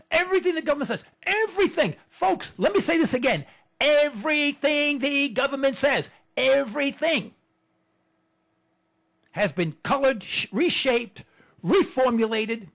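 A man's voice: extremely high pitch, a bit bright. A man hosting a political talk show, ranting fervently and repeating phrases for emphasis. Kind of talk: impassioned political monologue. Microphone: computer setup.

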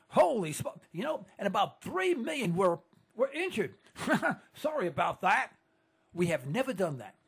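A man's voice: high-pitched, breathy edge. A man hosting a political talk radio show, rambling and emphatic, repeating words and restarting sentences.

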